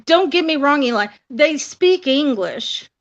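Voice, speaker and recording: A middle-aged woman chatting casually in a rather high voice. She rambles and often restarts her sentences. The audio is dull and lo-fi. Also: animated, measured pace. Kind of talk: casual chat.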